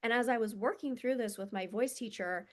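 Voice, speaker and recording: Female self-development coach, a bit high-pitched, earnest and confessional, casual and filler-heavy delivery. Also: a little fast. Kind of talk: casual reflective monologue.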